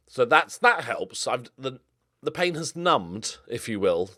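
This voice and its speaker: A young man commentating casually on his game, his pitch jumping all over the place. He mutters quietly, then breaks into loud excited outbursts. The sound is dry and close to the mic. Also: takes it slowly, no room sound. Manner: excitable, swings from mumbled asides to loud outbursts. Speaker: gaming YouTuber.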